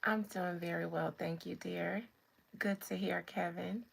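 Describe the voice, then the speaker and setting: Woman livestream host, relaxed and chatty; husky, unhurried. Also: fairly low pitch. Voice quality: relaxed, greets viewers by name. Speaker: host of a live spiritual chat stream. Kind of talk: casual live-stream chat.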